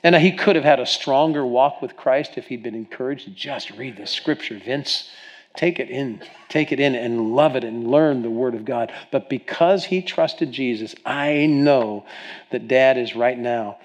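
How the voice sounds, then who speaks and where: A man's voice: medium pitch, unhurried. A middle-aged man from Ohio preaching a sermon, telling stories earnestly with frequent restarts and stammers. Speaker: pastor.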